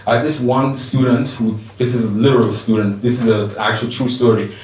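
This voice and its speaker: A man's voice: medium pitch, fairly even intonation, a little fast, darkish tone. A man from Iran doing a stand-up comedy set in a bar, animatedly telling stories and acting out the dialogue. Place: bar comedy stage, indoors. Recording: roomy bar echo from a distance.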